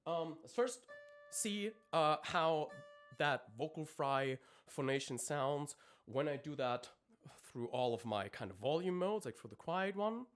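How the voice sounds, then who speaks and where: A man's voice: a little high, lively intonation, measured pace, soft background music. A man, a vocal coach, explaining singing technique in a live-streamed lesson, with many ums and restarts as he talks. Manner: explains technique, breaks off to demonstrate screams.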